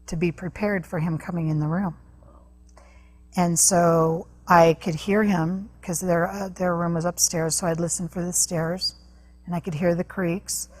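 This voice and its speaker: A woman with a husky, breathy voice speaks as an interview guest. She tells a personal story earnestly and halts often, restarting her sentences as she goes. Her pitch sits a little low. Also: darkish tone. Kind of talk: personal testimony in a talk interview.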